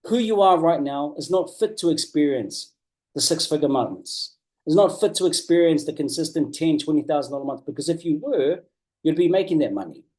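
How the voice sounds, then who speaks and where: A man giving a motivational coaching talk, earnest and emphatic, repeating key phrases and slowing down to drive points home. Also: fairly high pitch, animated, a little mellow. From New Zealand. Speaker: business coach.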